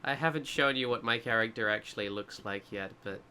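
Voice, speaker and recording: A man's voice: lowish voice, fairly quick, pushed and bright, a little hiss or hum. A man co-hosting a casual gameplay video, joking and rambling as he plays and mocks himself. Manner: jokey, rambling, self-mocking. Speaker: gaming co-host.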